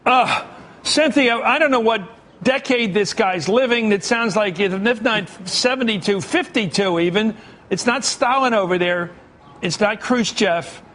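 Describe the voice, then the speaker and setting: A man hosting a TV news panel, incredulous and mocking, firing off quick remarks. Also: sits high, fairly bright tone. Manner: incredulous, mocking, rapid-fire. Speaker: cable news host. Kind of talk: TV panel commentary.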